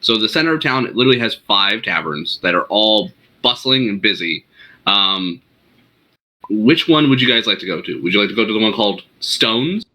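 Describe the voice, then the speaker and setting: A man narrates a tabletop role-playing session as its game master. His voice is somewhat low but bright and forceful, and he talks in an easy, unhurried way. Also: expressive, rough recording.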